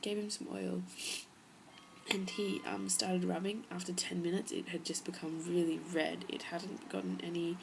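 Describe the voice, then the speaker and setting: A young woman chatting to camera in a rambling, casual way, her low voice full of gravelly fry. She drops into whispers now and then for emphasis, with a faint hiss underneath. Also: little pitch movement, moderate pace. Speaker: vlogger. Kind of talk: casual storytelling vlog.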